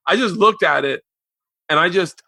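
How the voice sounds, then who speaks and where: A man's voice: high voice, moderate pace, vocal fry, no echo. A man hosting a podcast in casual chat, telling stories animatedly and acting out the quoted lines. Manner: animated storyteller, acts out quotes and jumps to near-yelling. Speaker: podcast host.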